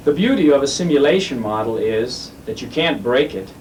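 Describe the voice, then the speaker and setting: A man's voice: medium pitch, expressive, normal speed, darkish tone. Man, researcher, scripted explanation, earnest, distant mic, faint hum.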